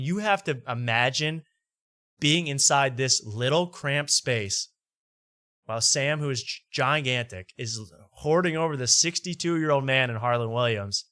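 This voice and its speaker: A man's voice: mid-range voice, bright, forceful tone, no room sound, studio quality. A man hosting a show, giving wry, mocking casual commentary on a podcast clip. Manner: wry, mocking, laughs as he talks. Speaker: host reacting to podcast clips.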